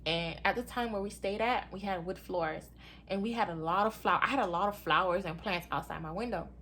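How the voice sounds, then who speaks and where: A young woman briskly tells her viewers a story about herself, animated and relaxed, often saying "y'all" and performing what others said in a high voice. There's a slight hiss or hum on the recording.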